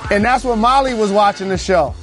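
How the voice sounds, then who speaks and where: A man's voice: high-pitched, brisk, fairly bright tone, soft background music. A man co-hosting a sports podcast from a remote studio, speaking in a dry, blunt, matter-of-fact way. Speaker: podcast co-host, former basketball player. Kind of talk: bantering sports talk.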